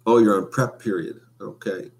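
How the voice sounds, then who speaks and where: A man's voice: lowish voice, moderate pace, gravelly. Rambling man on a live stream. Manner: rambling, hesitant with many fillers. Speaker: vlogger. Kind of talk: casual live stream chat. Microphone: webcam.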